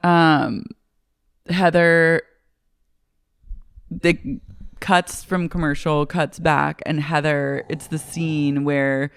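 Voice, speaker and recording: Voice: mid-range voice, level tone, extremely slow, long pauses, a bit bright, clean tone, no echo, clean studio sound. A podcast co-host casually recapping a reality show, narrating scenes with fillers and mimicked quotes.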